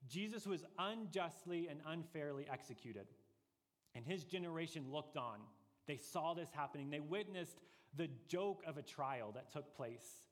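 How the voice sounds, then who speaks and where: A man preaching a sermon as pastor, earnest and deliberate, pressing his points with rising emphasis. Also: a little high, animated, big-room sound.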